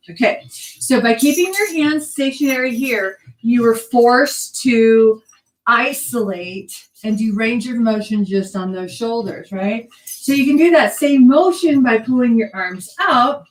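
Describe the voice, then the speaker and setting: A woman's voice: a little high, a little slow, echoey room, recorded from a distance, rough recording. A woman teaching a belly dance class, counting the moves aloud with chatty asides. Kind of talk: online dance class instruction.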